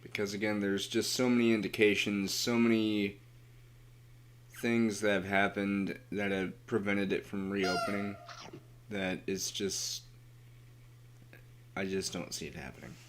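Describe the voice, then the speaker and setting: A man's voice: on the low side, steady tone, a little slow, pauses often, a little hiss or hum. A tired man casually commenting while he streams a game, rambling in mumbled asides to himself.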